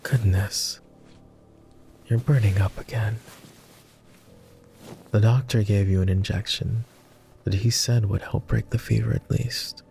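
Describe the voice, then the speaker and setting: A jaded immortal vampire, played by a man, murmurs in a whispered role-play with a posh British accent. His voice is dark and deeply gravelly, and he takes his time over every word. Soft music sits faintly behind him. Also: steady tone. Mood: teasing. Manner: slow, gentle and teasing. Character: jaded immortal male vampire, tender and teasing.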